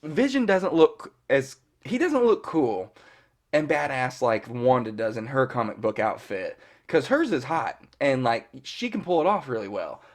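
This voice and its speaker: Recapping a TV episode as a fan, a man in his thirties talks unhurriedly in a mid-range voice with big pitch swings. His casual delivery rambles, sprinkled with "you know" and mild swearing.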